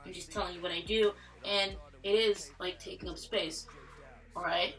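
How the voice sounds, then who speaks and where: A man's voice: sits high, steady tone, normal speed, fairly bright tone. A man casually giving advice in a vlog, rambling and joking with fillers and asides.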